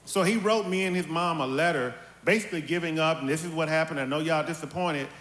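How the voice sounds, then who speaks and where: A middle-aged man, telling candid family stories on a church panel and acting out his mother's voice with lively quotes. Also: a little high, fast. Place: church hall. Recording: echoey hall with faint ambience.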